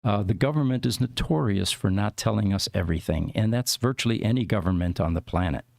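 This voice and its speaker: A man's voice: on the low side, a little fast, gravelly, darkish tone, no room sound. A man hosting a podcast, explaining tech news in a rambling, casual way with many fillers. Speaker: podcast host.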